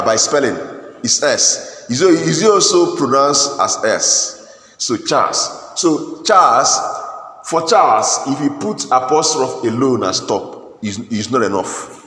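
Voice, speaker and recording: A man's voice: mid-range voice, pushed and bright. A man teaching an English grammar class, often asking the class "what?" and then answering himself, with many repeats and restarts. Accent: Nigerian English. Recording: echoey classroom with faint noise.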